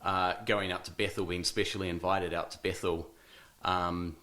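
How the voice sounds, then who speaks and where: Low-voiced New Zealand man. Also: level tone, moderate pace, pushed and bright. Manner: hesitant, many ums and restarts, laughs easily. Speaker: interview guest. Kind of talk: casual interview.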